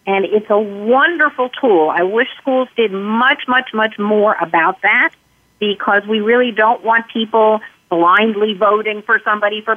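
A woman's voice: medium pitch, no echo. Woman explaining steps over a tinny phone line. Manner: calm, explains in numbered steps, acts out sample dialogue. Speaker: parenting expert guest. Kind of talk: interview answers.

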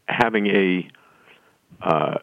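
A man who heads a nonprofit, answering interview questions in a measured, thoughtful way with frequent restarts. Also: sits low, gravelly, a bit bright, no echo, rough recording. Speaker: nonprofit chief executive, guest.

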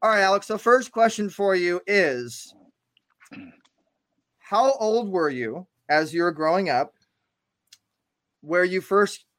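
An upbeat, chatty man hosts a live interview show over a video call. His voice sits a bit high for a man, and the sound is dry and close, with no room around it. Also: animated, slow pace, long pauses, fairly bright tone, dry recording. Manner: upbeat, chatty, repeats words. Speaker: show host.

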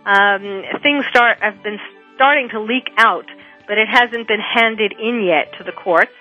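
A woman's voice: medium pitch, measured pace, soft background music. A woman psychiatrist hosting a talk radio show, musing aloud with many hesitations and fillers. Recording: phone-like thin audio.

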